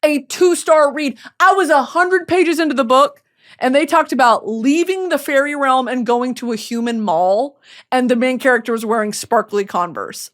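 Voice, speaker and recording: A woman's voice: sits high, moderate pace. Profane ranting woman host. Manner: profane, ranting, swings from quiet reflection to shouting. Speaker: podcast host. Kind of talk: casual comedic monologue.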